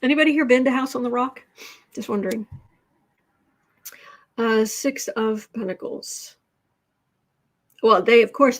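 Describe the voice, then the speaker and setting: A woman hosting a casual tarot livestream, chatting in quick asides and reading out viewer comments. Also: mid-range voice. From Midwestern United States.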